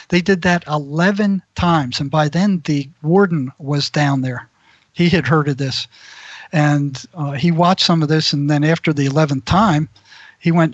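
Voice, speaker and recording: A man's voice: on the high side, dry recording, dull audio. A man, a mental health practitioner, telling rambling prison anecdotes as an interview guest. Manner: rambling storyteller who acts out quoted voices.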